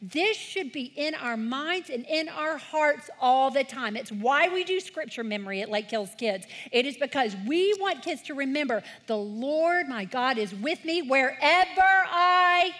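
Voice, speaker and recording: Leading a church talk for children and their parents, a woman invites the congregation to read scripture back to her in call-and-response, sounding earnest and encouraging. She's a children's ministry leader whose voice sits high and fairly bright, animated and a little slow, with hardly any pauses.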